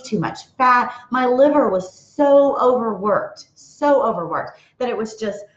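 A middle-aged woman tells a story to her viewers in a casual, animated way, acting out each line of a conversation. Her voice sits at an ordinary pitch. The sound is roomy and a little dull. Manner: animated, acts out both sides of a conversation. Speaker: vlogger.

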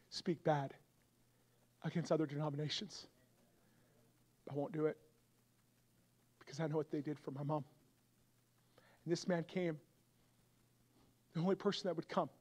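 Young guy preacher, high voice, goes from hushed storytelling to big fired-up revival sermon. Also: fairly even intonation, normal speed, long pauses. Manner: builds from soft storytelling to loud, high-pitched fervor.

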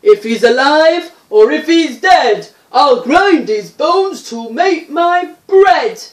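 A woman voicing a huge, menacing male ogre in a storybook reading, shouting his chant and drawing out the end. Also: sits high, animated, slow pace, pitched above the performer's own voice. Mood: bellowing. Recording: roomy sound from far off.

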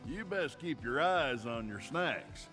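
An actor playing a gruff, drawling creature neighbor in a video game, taunting in a cowboy-like way. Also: male voice, mid-range voice, animated, slow. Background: game music.

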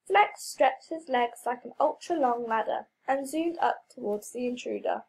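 A woman reading a children's story aloud, clear and expressive. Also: a little high, a little slow, few pauses, rough recording.

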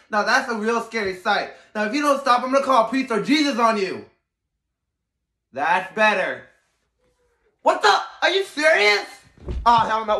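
A man's voice: high voice, bright, forceful tone. A young man in a casual comedic monologue at home, jumpy and slangy, often exclaiming. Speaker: comedy skit creator. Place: at home indoors.

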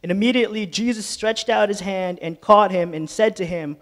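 A man's voice: sits high, a little fast, few pauses. A man giving a sermon, with casual, joking asides that rise into fervent, impassioned preaching. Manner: conversational, joking preaching that builds to impassioned shouting. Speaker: lay preacher. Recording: long church reverb.

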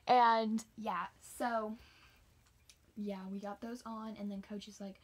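A teenage girl telling a rambling storytime for her channel, chatty with many fillers and soft whispered asides. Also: medium pitch, steady tone, a little slow, breathy edge. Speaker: vlogger. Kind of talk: casual storytime.

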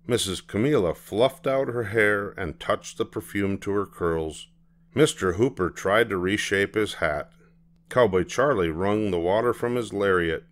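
An older man reading a children's storybook aloud in a gentle, expressive manner. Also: low voice. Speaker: storybook reader.

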